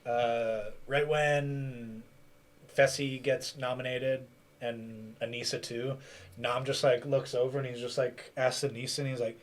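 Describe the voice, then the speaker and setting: A man's voice: mid-range voice, flat delivery, a little slow. A man co-hosting a casual podcast, telling stories easygoingly and mimicking people. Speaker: podcast co-host.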